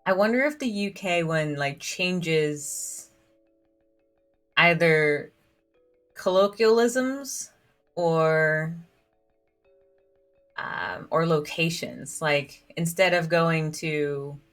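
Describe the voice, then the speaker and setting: A woman's voice: deep voice, drawn-out words, long pauses, a bit bright, faint music behind. A woman streaming a story game, reading its dialogue aloud in a chatty, giggly way, filling her talk with "like". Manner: giggly, chatty, fills speech with "like".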